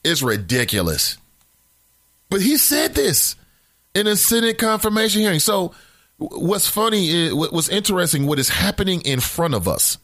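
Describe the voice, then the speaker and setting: A man's voice: a little high, bright, forceful tone, dry recording. A man hosting a morning radio talk show, giving rambling, opinionated commentary from a studio mic.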